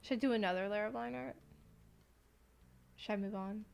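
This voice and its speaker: A woman's voice: medium pitch, steady tone, normal speed, vocal fry, darkish tone, clear, resonant tone. Woman streamer, casual chat, joking, drawing art requests live. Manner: joking, chatty, talks to chat while working.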